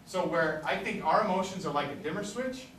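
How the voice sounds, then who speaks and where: A man's voice: high-pitched, expressive, a little fast, noisy background. A man giving a conference talk, telling anecdotes and acting out the dialogue as he goes. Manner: storytelling, acts out quoted dialogue. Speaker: symposium speaker. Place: lecture room. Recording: echoey room, distant mic.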